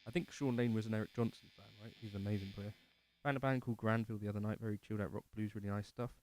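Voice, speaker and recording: A man's voice: fairly low pitch, fairly even intonation, rapid-fire, a little mellow, no echo. A man hosting a casual livestream from his living room, rambling and self-deprecating as he answers chat comments. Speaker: livestream host.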